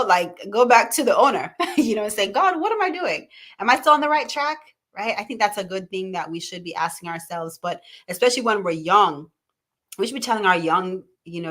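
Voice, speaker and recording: A woman's voice: lowish voice, fairly bright tone. A woman in her thirties hosting a live talk show from home, chatting casually and reading viewers' comments aloud. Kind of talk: live-stream casual chat.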